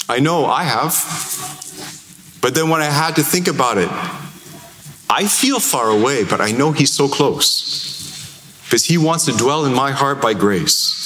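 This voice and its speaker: Priest preaching in an echoey church. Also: male voice. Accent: Canadian. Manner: conversational storytelling with lively pitch swings. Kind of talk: sermon. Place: large church. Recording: echoey church hall, faint noise.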